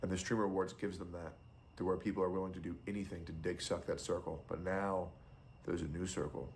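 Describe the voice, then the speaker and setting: A man's voice: deep voice, flat delivery, fairly quick, slight background noise. A young adult man streamer giving casual, blunt and profane commentary.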